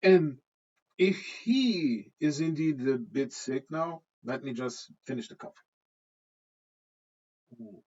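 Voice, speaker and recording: A man's voice: mid-range voice, expressive, slow, long pauses, darkish tone, lo-fi sound. A man hosting his own channel, ranting casually to camera with frequent restarts and chuckles. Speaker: channel host. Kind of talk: casual opinion rant to camera.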